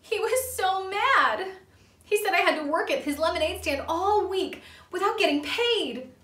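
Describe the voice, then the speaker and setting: Lady putting on a squeaky upset veggie kid, voice jumps all over, echoey room far from the mic. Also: expressive, a little slow, fairly bright tone, full character voice. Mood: tearful. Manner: tearful, high-pitched, pleading. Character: young boy asparagus, upset and sobbing.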